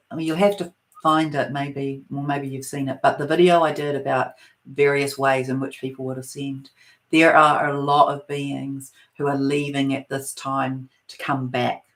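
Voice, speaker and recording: Woman with a New Zealand accent, spiritual channeler; soft, meandering delivery with frequent pauses. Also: sits low. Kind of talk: live-streamed spiritual talk.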